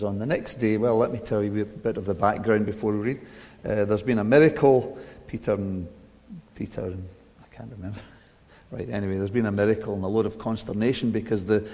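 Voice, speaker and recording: A man's voice: fairly low pitch, a little mellow. A middle-aged male pastor giving a conversational, self-deprecating sermon and reading scripture aloud in a church. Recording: long reverb of a church hall.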